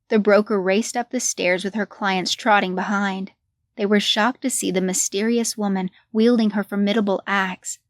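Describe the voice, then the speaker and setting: A woman narrating a horror story in a measured, deliberate way. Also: mid-range voice, level tone, dry recording, studio quality.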